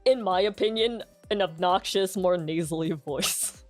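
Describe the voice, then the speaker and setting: A woman's voice: fairly low pitch, measured pace, a little mellow, no echo, soft background music. A young woman streamer chatting casually, coaching a friend on voice training and filling her speech with "like". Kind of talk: casual chat giving voice-training advice.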